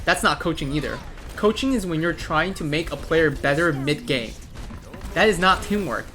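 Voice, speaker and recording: A man's voice: on the high side, animated, normal speed, pushed and bright, slight background noise. A man giving blunt, profane gameplay commentary and ranting advice about ranked play. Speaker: gaming content creator.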